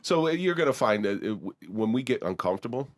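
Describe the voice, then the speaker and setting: A man's voice: mid-range voice, sing-song, fast, no echo. A man hosting a podcast interview, curious and rambling, often restarting his sentences. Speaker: podcast host. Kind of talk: casual interview.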